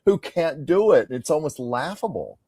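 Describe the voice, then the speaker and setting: A man's voice: fairly high pitch, sing-song, moderate pace, slightly rough, dry recording, clean studio sound. A man hosting a casual tarot reading chat, conversational and musing. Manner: conversational, musing, drops to soft tones. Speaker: psychic tarot reader, host.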